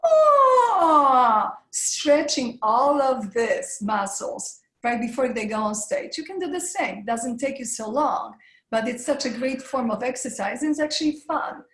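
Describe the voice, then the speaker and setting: A woman hosting a live online session as a voice coach walks her audience through breathing and vocal warm-ups, sounding encouraging and expressive. Her voice is fairly high and her pace moderate. Noticeable echo points to a hard-walled room on a video call.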